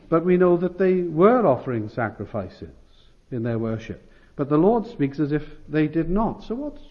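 A man's voice: a little high, highs cut off. A man preaching an expository sermon, earnest and emphatic, often repeating phrases and restarting lines.

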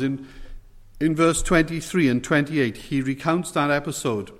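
A man preaching an expository sermon, emphatic, quoting scripture and stressing key words by lifting and dropping his voice. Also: medium pitch. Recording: long hall reverb.

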